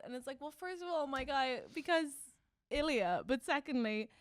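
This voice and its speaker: A woman co-hosting a podcast in lively casual chat, bouncing between quick asides and acted-out lines from the show. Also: high voice, no room sound. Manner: animated, quick asides, acts out characters' lines. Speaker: podcast co-host.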